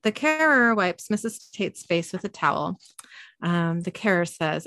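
A woman podcast host narrating a TV episode scene by scene, reading in a relaxed way with filler ums and uhs. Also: lowish voice, measured pace, no echo, clean studio sound. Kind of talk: reading a scene-by-scene recap with chat.

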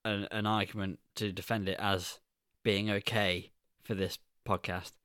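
Man, podcast co-host, casual film chat, bright voice, dry close recording, teasing. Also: on the low side, flat delivery, a little slow, clean tone, dry recording. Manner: teasing, laughs often.

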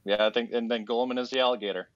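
A man's voice: medium pitch, steady tone, very fast, no room sound. A man recapping a story on a chatty podcast, rambling and sarcastic with a mock-casual drift. His voice sits in a middle range. The sound is dry and a bit dull, close to the mic. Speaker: podcast host.

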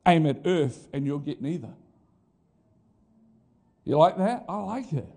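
A middle-aged male pastor preaching a sermon in a lively, conversational way, with asides to the congregation. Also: a little high, a little slow, gravelly.

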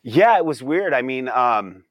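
A man's voice: medium pitch, sing-song, unhurried, a bit bright, no room sound. Dry, exasperated man ranting as a guest. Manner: rambling, exasperated, laughs often. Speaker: podcast guest. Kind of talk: casual political chat.

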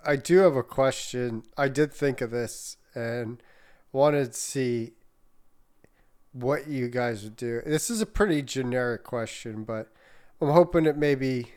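A man's voice: medium pitch, a little slow, a little mellow. A man in casual podcast chat, laid-back, swearing freely and laughing often.

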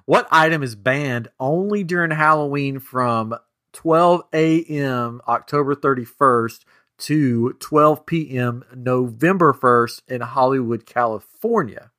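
A man's voice: medium pitch, slow pace, pushed and bright. A man hosting a casual podcast, playfully reading out trivia questions to his co-hosts. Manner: playful, reads out quiz questions. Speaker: podcast host running a trivia game.

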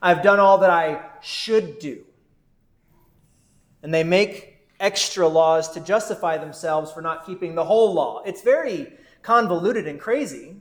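A man with a high voice preaches a sermon as a pastor, earnest and conversational, and he often turns to his listeners with rhetorical questions. His voice rings in an echoey room.

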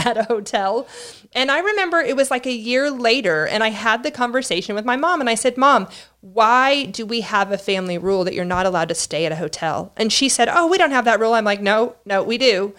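A middle-aged woman co-hosting a podcast, telling a family story at a measured, reflective pace. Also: mid-range voice, a bit bright. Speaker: podcast co-host. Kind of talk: casual storytelling with her husband.

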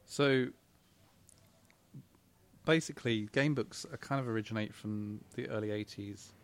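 English man, low gravelly voice, relaxed explainer, guest on a chat show. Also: measured pace. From England. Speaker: guest, game company creative director. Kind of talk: casual chat.

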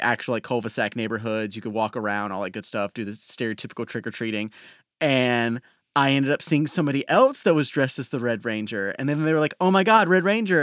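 A man with a mid-pitched voice chats casually on a gaming podcast, telling a personal story. He restarts his sentences often and speaks in a relaxed, halting way. The sound is dry and close. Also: smooth, dry recording. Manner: warm-hearted anecdote telling, halting restarts. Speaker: podcast player.

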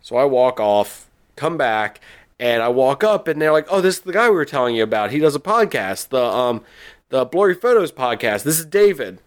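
A man's voice: mid-range voice, very animated, normal speed. A man, a podcast host, telling a long rambling story in casual chat and laughing often.

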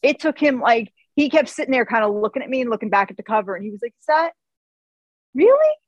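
A woman author as a podcast guest, telling family stories in an animated way and acting out what people said. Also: on the high side, rapid-fire, no room sound, dull audio. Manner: animated storyteller who acts out quotes. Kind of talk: casual interview chat.

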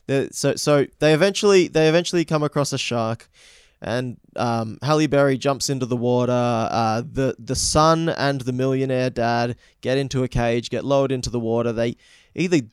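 A man's voice: mid-range voice, moderate pace, smooth, no room sound. Guy, blunt and sweary film-review co-host, clean resonant voice, close dry mic. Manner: blunt, profane, laughing as he recaps. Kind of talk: casual film review chat.

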